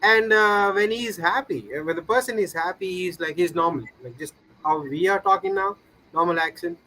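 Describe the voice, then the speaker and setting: A man whose first language is not English, chatting casually and pausing to search for words. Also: sits high, very animated, pushed and bright, poor audio. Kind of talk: casual chat.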